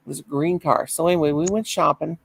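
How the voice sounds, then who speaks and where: Gravelly, animated middle-aged woman. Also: low-pitched, quick pace, rough recording. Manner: animated storyteller, laughing, exclamations. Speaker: chat participant. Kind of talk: casual chat, storytelling.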